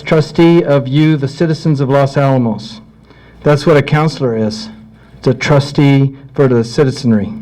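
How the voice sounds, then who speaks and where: A middle-aged man speaks as a council candidate in an earnest, measured way, closing a candidate forum. His voice sits at an ordinary middle pitch. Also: darkish tone, poor audio.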